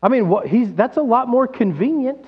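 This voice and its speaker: A man with a high voice preaches a sermon, lively and full of rhetorical questions. His voice rings through a large hall with a long reverb. The recording sounds dull and lo-fi, with a faint mains hum underneath. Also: normal speed, slightly rough. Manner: animated, acts out quoted voices, rhetorical questions. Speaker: pastor.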